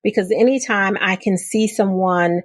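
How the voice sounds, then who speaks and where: An enthusiastic woman hosting a podcast, talking in a casual, animated way with frequent laughter. Her voice is mid-pitched and the sound is dry and close. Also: moderate pace, dry recording. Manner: effusive, animated, laughing often. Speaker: podcast host. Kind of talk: casual interview chat.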